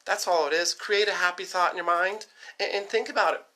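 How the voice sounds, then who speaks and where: A fast-talking man ranting to camera in a rambling, profane vlog. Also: sits high, fairly even intonation, pushed and bright. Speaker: vlogger. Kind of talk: casual rant to camera.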